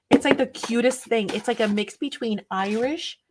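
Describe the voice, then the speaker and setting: A woman's voice: a little high, moderate pace, background noise. A woman hosting a craft live stream, chatting casually with viewers in an enthusiastic, rambling way.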